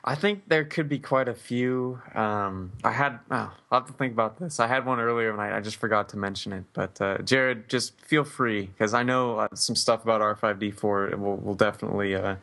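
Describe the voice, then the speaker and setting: A man co-hosting a podcast in casual chat, mostly giving short agreeing replies with chuckles and halting restarts. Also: lowish voice, bright, forceful tone. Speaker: podcast co-host.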